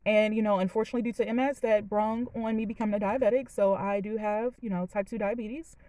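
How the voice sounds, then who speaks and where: A woman's voice: mid-range voice, fairly even intonation, quick pace, warm tone. A young woman in her late twenties shares a personal story from her car, candid and emotional, leaning on fillers as she talks. Her voice sits in a middle range and sounds close and dry, with no room echo. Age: late 20s. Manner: candid, chatty, emotional, many "you know"s. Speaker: vlogger. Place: parked car.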